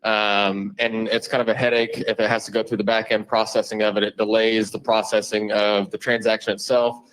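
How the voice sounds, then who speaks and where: A man giving a measured fuel update at a company meeting, speaking with many fillers. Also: on the low side, level tone, a bit bright, low-quality recording. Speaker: fuel department staff. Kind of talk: work update.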